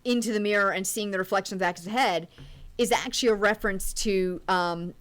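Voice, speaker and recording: A woman co-hosting a horror movie podcast, recounting the story beat by beat. Her pitch sits in the middle for a woman. She talks in a casual, animated way. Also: quick pace. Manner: recaps plot in detail, animated. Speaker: podcast co-host.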